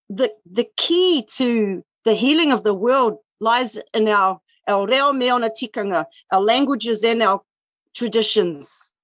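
A woman's voice: fairly high pitch, a bit bright, no room sound. A woman with a New Zealand accent, talking earnestly on a video call in a sharing circle, with many fillers and restarts. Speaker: indigenous speaker in a sharing circle. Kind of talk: casual online sharing circle talk.

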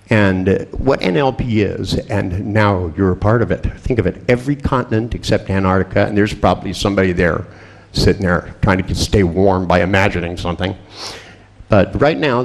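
A man with a low voice and a gravelly, fry-laden edge tells stories at a seminar. He speaks as a hypnotist, with a wry, boastful humor and frequent chuckles. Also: a little mellow. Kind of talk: anecdotal storytelling lecture.

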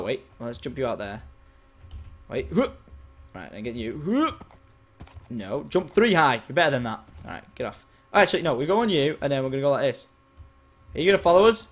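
A young man playing a game on camera for viewers, excitable, swearing freely and breaking into shouts. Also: fairly high pitch. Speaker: gaming video host.

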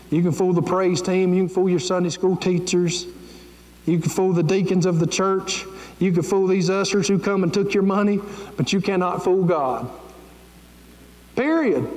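A man preaching a fervent, pleading sermon as pastor of his church. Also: high voice. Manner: fervent, pleading, folksy preaching with Southern grammar. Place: church sanctuary. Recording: echoey church sanctuary with long reverb.

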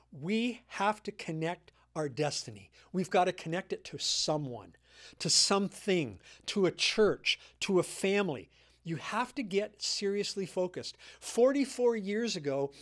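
A man's voice: high-pitched, fairly bright tone. A man in his sixties, a guest speaker giving a sermon, retelling a story earnestly and repeating his key points.

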